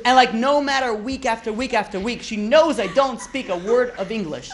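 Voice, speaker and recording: A man's voice: very high voice, moderate pace, noisy background. A man, a rabbi, teaching an informal class in a chatty, joking way, often asking "right?" and "you know".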